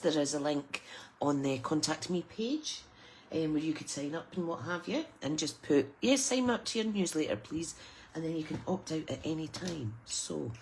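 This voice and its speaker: A middle-aged British woman with a low, darkish voice walks through a papercraft project step by step in a live tutorial. She sounds chatty and soothing, like a story-time reader, with a faint hum of noise behind her.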